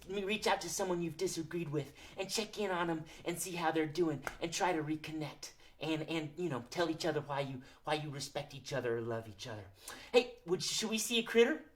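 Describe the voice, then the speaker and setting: A woman hosting a children's show, speaking gently and encouraging the kids watching. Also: fairly low pitch. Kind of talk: casual children's show, singing and chatting.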